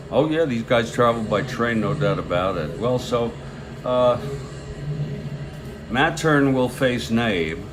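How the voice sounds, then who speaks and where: A man hosting a tabletop baseball replay, giving casual play-by-play with rambling chatty asides and bursts of excitement on big plays. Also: on the low side, noisy background.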